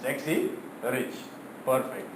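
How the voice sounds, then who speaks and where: Guy putting on a giddy young dude rushing his words, lively pitch, echoey classroom. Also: recorded from a distance, slight background noise. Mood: excited. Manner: eager, rushed and emphatic. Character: excitable young man smitten with an online date.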